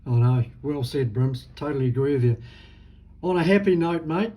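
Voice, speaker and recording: A man's voice: medium pitch, lively intonation, moderate pace, warm tone, breathy edge, low-quality recording. A man hosting a casual interview, chummy and agreeable. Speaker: radio host.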